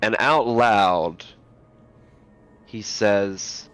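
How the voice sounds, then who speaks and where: A man running a tabletop game as game master, narrating slowly and dramatically and dropping low and quiet for tension. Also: faint music behind.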